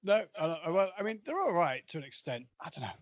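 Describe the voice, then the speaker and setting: Male guest, quick and animated, repeats phrases; dry, dull lo-fi recording. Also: high-pitched. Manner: fast, repeats himself, animated anecdotes. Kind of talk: casual chat.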